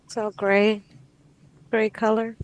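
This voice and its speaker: A woman client under hypnosis describing what she sees in a hesitant, halting way, full of pauses. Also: mid-range voice, flat delivery, rough recording. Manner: hesitant, halting, dreamy speech with pauses and restarts.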